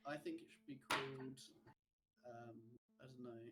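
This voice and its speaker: A man's voice: mid-range voice, fairly even intonation, normal speed. A man playing a tabletop game, speaking hesitantly with many ums. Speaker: player. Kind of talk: casual tabletop play.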